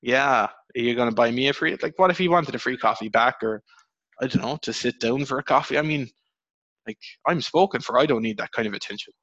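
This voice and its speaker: A young Irish man hosting a podcast, telling rambling, swearing stories with sudden high jumps in his voice. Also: fairly quick, breathy edge, dry recording, muffled recording. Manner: rambling, swears, animated storytelling with pitch jumps. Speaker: podcast host. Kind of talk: casual podcast chat.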